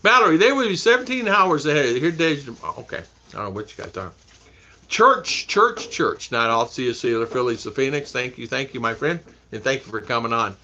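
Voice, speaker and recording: A man's voice: medium pitch, lively intonation, brisk, bright, forceful tone, dull audio. A man hosting a casual live stream, chatting with viewers, reading their names aloud and laughing often. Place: home in the Philippines.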